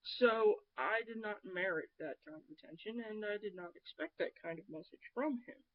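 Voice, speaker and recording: A woman's voice: mid-range voice, expressive, moderate pace, phone-quality sound. Sarcastic, blunt woman ranting. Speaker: vlogger. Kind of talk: ranting vlog monologue.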